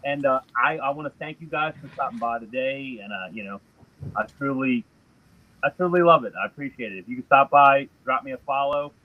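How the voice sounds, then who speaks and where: A man's voice: medium pitch, fairly quick, narrow, tinny audio. A man co-hosting a live reselling chat, rambling with many fillers. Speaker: co-host. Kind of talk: casual live-stream chat.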